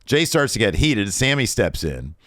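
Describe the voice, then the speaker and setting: A man co-hosting a wrestling podcast, retelling the show in a lively, casual way and slipping into quoted voices. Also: on the low side, no echo, studio quality. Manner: animated retelling, quoting wrestlers in quick shifts of voice. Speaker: podcast co-host. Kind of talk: casual wrestling recap chat.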